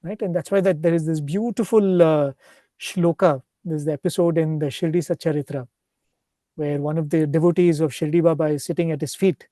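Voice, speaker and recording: A man giving a devotional talk, retelling stories in an unhurried, explanatory way and often checking in with a questioning "right?". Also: a little high, fairly even intonation, dark tone, no echo, studio quality. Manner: ends points with a questioning "right?". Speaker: spiritual speaker.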